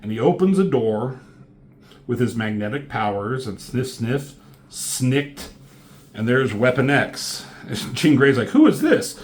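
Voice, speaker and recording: A man's voice: mid-range voice, slow pace. Rambling casual male comic reviewer. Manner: rambling, lots of ums and likes, swears casually.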